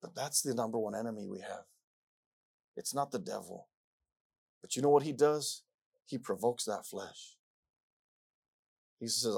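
A man preaching a sermon, repeating himself and rising from quiet passages to loud ones. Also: lowish voice, unhurried, creaky, long pauses, husky.

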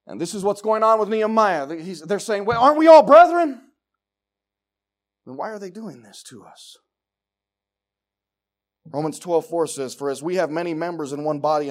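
A man preaching a sermon, telling folksy, jokey stories and swinging from hushed asides to loud outbursts. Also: on the high side, lively intonation, brisk.

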